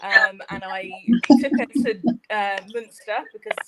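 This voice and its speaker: A woman on a video call telling a story in a lively, laughing way. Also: mid-range voice, measured pace, crowd noise. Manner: animated, laughs while telling stories. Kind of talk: casual storytelling.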